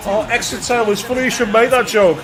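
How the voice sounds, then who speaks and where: A man's voice: very high voice, fairly quick, over music. A man co-hosting a gaming stream, chatting and laughing, swearing casually. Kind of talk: casual chat while gaming.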